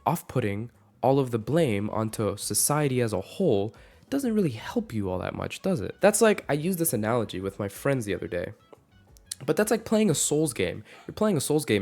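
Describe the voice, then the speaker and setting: A man in his twenties ranting casually to camera, rambling with many fillers and restarts. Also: medium pitch. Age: 20s. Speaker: vlogger.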